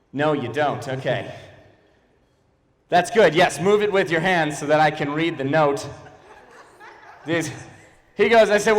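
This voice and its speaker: A young man performing a playful, animated stand-up comedy set to a live audience in a church auditorium. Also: high voice, in a large hall.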